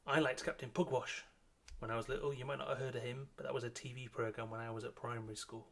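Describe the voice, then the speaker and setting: A middle-aged man with a slightly husky, middle-pitched voice talks young children through a drawing lesson. He explains as he sketches, friendly and unhurried, dropping in plenty of ums along the way. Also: flat delivery, fairly bright tone. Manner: chatty and unhurried, with frequent ums. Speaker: children's author and illustrator leading a drawing workshop.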